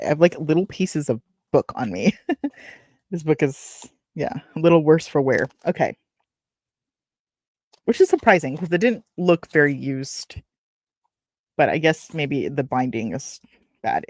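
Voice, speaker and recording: A woman's voice: low voice, expressive, measured pace, pauses often, darkish tone, no room sound, clean studio sound. A woman reading a novel aloud, breaking off for chatty, wry asides and correcting her own slips. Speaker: book reader and streamer. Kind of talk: reading aloud with casual commentary.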